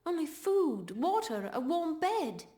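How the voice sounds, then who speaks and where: Indignant game villager, high lively voice, scornful, echoey. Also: female voice, slow, full character voice. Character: indignant female villager defending refugees. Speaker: game character. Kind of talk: video game voice acting.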